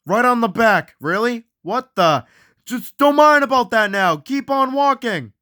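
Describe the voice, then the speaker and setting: High-pitched man for a homemade ghost hunt, slow-paced, excitable, bursts into yells. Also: no echo, studio quality. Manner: excitable, often yelling out names. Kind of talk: acted ghost hunt narration.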